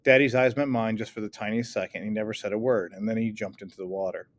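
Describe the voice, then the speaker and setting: A man's voice: lowish voice, fairly even intonation, fast talker, slight background noise. A man reading a first-person novel aloud in an earnest storytelling way, now and then stumbling and correcting himself. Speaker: audiobook reader.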